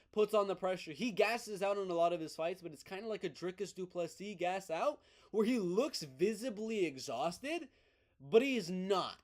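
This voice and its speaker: A man with a noticeably high-pitched voice delivers casual fight news commentary. He talks with excited, emphatic opinions and doubles back on his words to drive a point home. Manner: excited, emphatic, repeats himself. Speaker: MMA news host.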